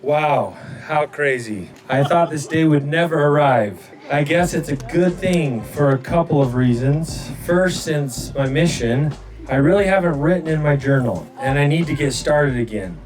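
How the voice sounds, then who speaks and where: A middle-aged father reads aloud an old journal entry, chuckling softly now and then. His voice sits a little high and sounds set back from the microphone. Music plays clearly behind him. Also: expressive, unhurried, distant mic, rough recording.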